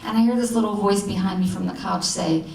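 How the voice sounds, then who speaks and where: A middle-aged woman telling a personal story at a live show, animated and self-mocking, acting out the people in it. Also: mid-range voice, fast talker, gravelly, slight background noise. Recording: roomy hall sound, distant mic, faint ambience.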